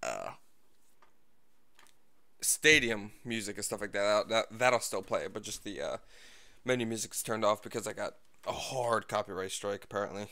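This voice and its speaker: This man's voice sits on the low side, bright and forceful, at normal speed. Livestreaming a football game, he rambles with many fillers, pokes fun at himself and sounds a little out of breath.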